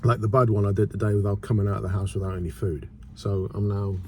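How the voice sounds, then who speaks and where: A man's voice: lowish voice, flat delivery, quick pace, a little hiss or hum. A middle-aged man chatting casually to camera outdoors, rambling and eating as he talks. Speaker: vlogger. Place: outdoors in a city square.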